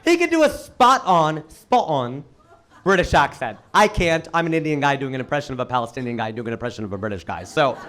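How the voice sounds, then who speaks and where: An American man doing a stand-up set, telling stories with animated, punchy delivery and big emphatic swings. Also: mid-range voice, brisk. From United States. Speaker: stand-up comedian.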